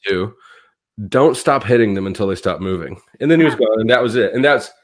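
A man's voice: on the low side, lively intonation, fast talker. Blunt, swearing man telling stories. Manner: blunt storytelling, swears freely, laughs mid-story. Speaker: guest. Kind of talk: casual conversation.

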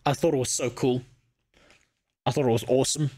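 A man streaming a casual reaction, chatting in an excitable, rambling, jokey way with restarts. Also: mid-range voice, a little fast.

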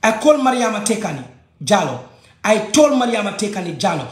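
A high-voiced man with a Gambian accent delivers an agitated personal rant, circling back to the same complaints. His voice bounces around an echoey room. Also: sing-song, fairly quick. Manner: agitated, switching languages, repeating points.

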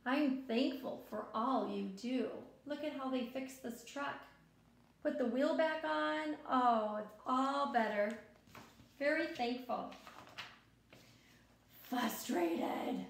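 A woman with a high, bright voice reads a picture book to little children, slow and unhurried. She is gentle and expressive, stopping to point things out to her young listeners. The room adds a noticeable echo. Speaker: children's story time reader.

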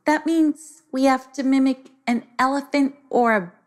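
A woman's voice: sits high, fairly even intonation, unhurried, voice pushed up. A woman voicing a nervous, doubtful young girl twin in a children's story. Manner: worried, doubtful questions.

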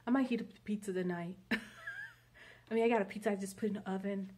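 A woman's voice: mid-range voice, huge pitch swings, fairly quick, a little mellow, a little hiss or hum. A woman vlogger telling a long story in a rambling, chatty monologue. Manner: chatty, rambling, many fillers.

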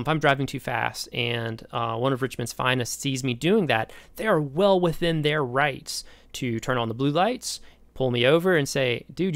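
Gravelly-voiced male college lecturer. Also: medium pitch, a bit bright, dry recording. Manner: casual, conversational and digressive, speaks directly to students. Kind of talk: recorded lecture.

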